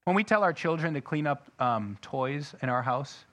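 Preaching at a moderate pace, this pastor has a fairly high, slightly bright voice and an animated delivery. He reads scripture with heavy emphasis and frequently questions his congregation.

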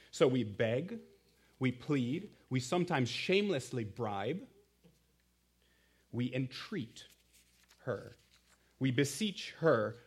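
A man's voice: medium pitch, husky. A man in his thirties preaching a sermon in a conversational, emphatic way, often asking the listeners questions. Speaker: guest preacher, campus missionary.

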